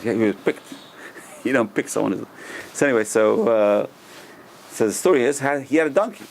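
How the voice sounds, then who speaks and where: A man's voice: medium pitch, normal speed, gravelly, slight background noise. A middle-aged man, a rabbi, teaching a Torah lesson in a conversational storytelling way, often repeating himself and chuckling.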